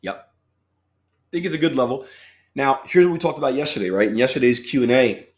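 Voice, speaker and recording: A man's voice: mid-range voice, lively intonation, brisk. A man coaching viewers through a live trading walkthrough, chatty and casual, talking straight to his audience and asking for replies.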